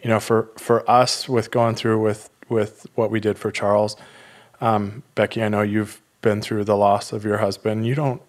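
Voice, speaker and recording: A man guest on a church podcast, giving advice in casual talk with a hesitant, halting manner and many restarts. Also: fairly low pitch, little pitch movement. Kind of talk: casual conversation.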